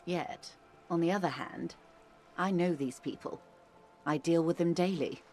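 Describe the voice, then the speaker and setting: A woman voicing a worldly, wry older woman in a video game, arch and measured, explaining things with dry irony. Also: on the low side, darkish tone, soft background music, close to an everyday voice. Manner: arch, measured, dryly ironic.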